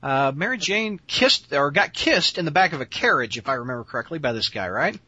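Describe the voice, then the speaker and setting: A man's voice: a little high, big pitch swings, a little fast, bright, forceful tone, husky, no room sound, dull audio. A man co-hosting a casual chat, asking questions and reading out notes. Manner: asks questions, reads out notes. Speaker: podcast co-host.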